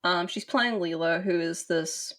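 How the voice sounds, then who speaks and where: A woman's voice: fairly low pitch, measured pace, fairly bright tone. A woman from the States, co-hosting a podcast in casual chat, rambling with fillers. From southern United States. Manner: rambling, with many fillers and restarts. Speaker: podcast co-host. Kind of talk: casual chat about a film.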